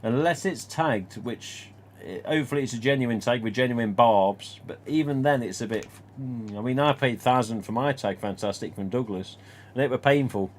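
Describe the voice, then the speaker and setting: A man chats on his own live stream, mid-pitched and easygoing. He rambles through stories and answers comments, with a bit of mild swearing thrown in. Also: normal speed, slight background noise. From England. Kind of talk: casual live stream chat.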